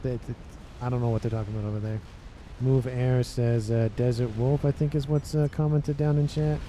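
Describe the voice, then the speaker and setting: Male game commentator, mellow tone, rambling, self-correcting, exasperated questions, faint background hiss. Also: mid-range voice, steady tone, brisk. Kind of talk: casual video game commentary.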